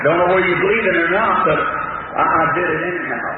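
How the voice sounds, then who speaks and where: A man's voice: high voice, fast, heavy reverb. Preacher man on scratchy old tape. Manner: emphatic, rising to near-shouting in bursts. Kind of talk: revival sermon storytelling. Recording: distant, tinny, noisy old archive tape.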